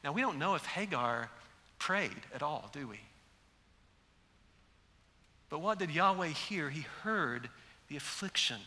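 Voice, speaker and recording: A man's voice: fairly high pitch, animated, normal speed, sharp tone. A man preaching a sermon to a large gathering, telling the story with animation and acting out quoted speech. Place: large church sanctuary. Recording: echoey hall.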